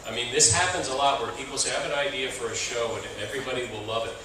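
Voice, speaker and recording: A man's voice: mid-range voice, rapid-fire, background noise. A man on a panel giving blunt, firm advice, repeating his points insistently. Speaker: panelist, radio professional. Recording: echoey hall, recorded from far off.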